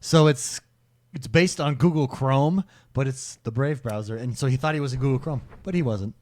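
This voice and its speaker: A man's voice: mid-range voice, normal speed, no room sound, clean studio sound. A man hosting a gaming podcast in casual chat, reading listener questions and joking around. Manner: joking, animated.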